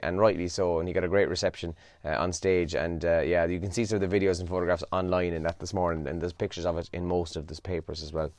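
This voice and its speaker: A man's voice: low-pitched, darkish tone, no room sound. A young man hosting a breakfast radio show alone. He runs through the weather and the morning papers in a casual, chatty way, tired and yawning. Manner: casual and chatty, with yawns and asides. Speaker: radio host. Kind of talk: solo breakfast show, reading newspaper headlines.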